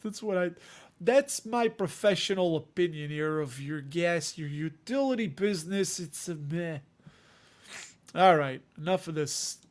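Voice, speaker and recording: Joking Chicago man hosting a livestream. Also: fairly high pitch. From Chicago area. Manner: rambling, joking, self-deprecating. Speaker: dividend investing livestream host. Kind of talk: casual livestream chat.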